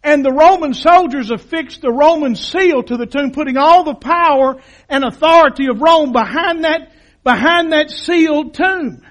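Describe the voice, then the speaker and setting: High-voiced impassioned preacher man. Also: normal speed. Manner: impassioned, dramatic, swings from hushed to shouting. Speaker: pastor. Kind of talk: sermon. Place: church sanctuary.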